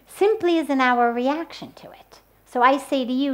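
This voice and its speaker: A woman giving a spiritual talk on the power of sound, speaking deliberately and using everyday examples. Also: high-pitched, lively intonation. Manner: slow, deliberate, with spoken examples. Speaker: spiritual teacher. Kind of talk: spoken talk on mantras.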